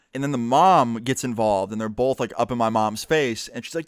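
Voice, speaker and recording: A young man, a YouTuber, telling a personal story casually, profane and animated, with lots of quoted dialogue. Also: mid-range voice, moderate pace, few pauses, smooth, no room sound, clean studio sound.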